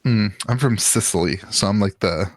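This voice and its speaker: A man's voice: on the low side, normal speed, dry recording. A man from Ohio co-hosting a casual card game podcast, rambling with lots of fillers and jokes. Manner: rambling, filler-heavy, jokey. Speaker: podcast co-host. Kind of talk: casual chat about trading card games.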